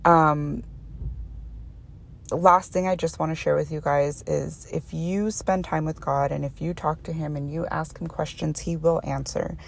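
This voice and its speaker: A woman's voice: low voice, fairly even intonation, a little slow, vocal fry, slight background noise. A woman hosting a personal faith podcast, talking earnestly and emotionally and often restarting her sentences. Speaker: podcast host.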